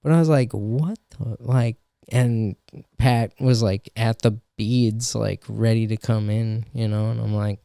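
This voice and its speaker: A man's voice: lowish voice, steady tone, measured pace, creaky, warm tone, clear, resonant tone, no room sound, clean studio sound. A young adult man telling a story in casual podcast chat, swearing often and full of fillers. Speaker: podcast co-host and stand-up comedian.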